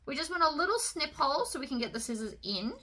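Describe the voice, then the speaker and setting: A woman's voice: sits high, very animated, fast talker, sharp tone, low-quality recording. A woman giving a casual, chatty sewing tutorial, explaining each step as she works.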